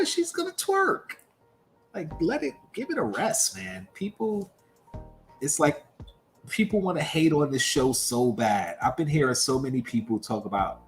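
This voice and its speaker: A man co-hosting a livestream, talking casually about pop culture in an animated, emphatic way full of rhetorical questions. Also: medium pitch. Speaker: livestream co-host.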